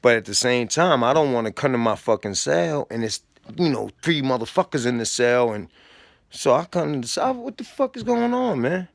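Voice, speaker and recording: A man's voice: medium pitch, expressive, normal speed, gravelly, no echo, clean studio sound. A man telling a story in a profane, streetwise way, acting out the back-and-forth of quoted exchanges. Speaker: storyteller recounting prison time. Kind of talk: casual storytelling.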